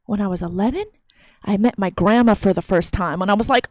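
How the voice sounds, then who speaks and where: A woman's voice: mid-range voice, brisk, darkish tone, no echo, poor audio. A woman in her thirties performing a profane, brash stand-up comedy set on a theater stage into a handheld mic. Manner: brash, profane, conversational delivery.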